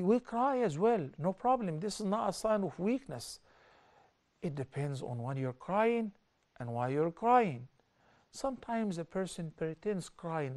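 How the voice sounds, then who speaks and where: A middle-aged man explains scripture in a televised religious lesson. His voice sits a little high. He talks earnestly and lifts sharply in pitch and volume to stress his points. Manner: lively, with sharp rises in pitch and loudness for stress. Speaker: religious teacher.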